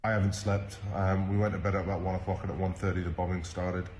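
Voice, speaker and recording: An exhausted medic, a man, gives a halting account full of pauses and ums. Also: deep voice, level tone, a crowd in the background. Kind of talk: recorded video account.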